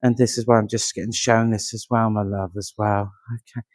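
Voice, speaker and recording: A man's voice: on the low side, little pitch movement, a little fast, no room sound. Man, medium at a service, friendly and chatty, laughs often, dry close sound. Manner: chatty, keeps asking "do you understand", laughs easily.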